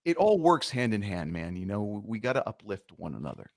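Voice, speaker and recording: A man's voice: on the low side, sing-song, fairly quick, a little mellow, no room sound, clean studio sound. A man speaking earnestly and upbeat as a guest in a casual podcast chat.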